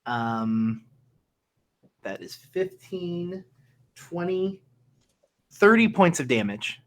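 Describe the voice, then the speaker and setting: A man running a tabletop game as game master, tallying dice aloud in a measured way. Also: high voice, animated.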